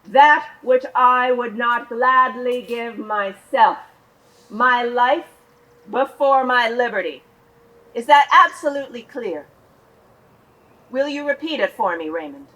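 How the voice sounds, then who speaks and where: Actress as a ruthless controlling mother, stage play, high voice, slow deliberate delivery. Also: a bit bright, rough recording. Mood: commanding. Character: cold, scheming, power-hungry mother of a grown son. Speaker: stage actor.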